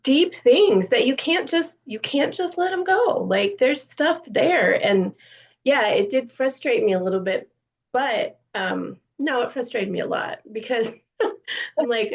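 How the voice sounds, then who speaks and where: A woman with a gravelly, creaky voice, thinking aloud earnestly in a book group. The sound is dull and lo-fi. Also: fairly high pitch, expressive, measured pace. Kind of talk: casual group discussion.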